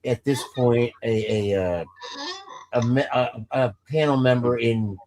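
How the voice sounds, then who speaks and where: Over a crowd and a low-quality recording, a man hosts a casual movie show, his mid-range voice steady and unhurried. The talk is loose banter with a co-host: rambling, jokey, and punctuated by movie lines he shouts out.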